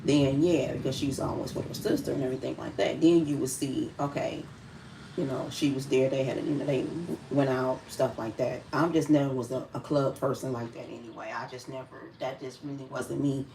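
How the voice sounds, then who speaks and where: A woman's voice: very deep voice, fairly even intonation, brisk, mellow, distant mic, slight background noise, low-quality recording. A woman from Detroit with a Detroit accent, talking casually on a livestream, rambling and restarting her sentences often. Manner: rambling, conversational, with many restarts. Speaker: livestream host.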